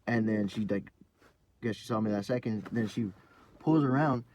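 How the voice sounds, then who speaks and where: A man's voice: fairly low pitch, normal speed, darkish tone, a little hiss or hum. Profane rambling young man podcaster. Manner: profane, rambling storytelling with frequent fillers. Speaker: podcast host. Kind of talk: casual rambling monologue.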